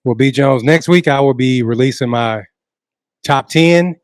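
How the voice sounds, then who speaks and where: A male podcast co-host asking questions in a relaxed, conversational way. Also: mid-range voice, unhurried, no echo, studio quality. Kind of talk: casual interview.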